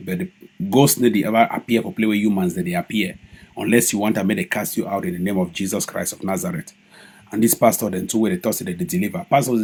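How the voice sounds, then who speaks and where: Husky Cameroonian Pidgin-speaking man. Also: lowish voice. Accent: Cameroonian Pidgin English. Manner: animated, mocking, swings into loud mimicry. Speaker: online activist broadcaster. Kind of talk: live-stream commentary.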